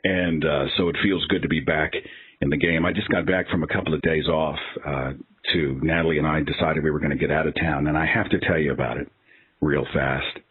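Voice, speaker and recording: A male podcast host telling casual stories in an animated, exasperated way. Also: extremely low pitch, brisk, slightly rough, narrow, tinny audio. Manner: animated, exasperated anecdotal storytelling. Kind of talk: casual storytelling monologue.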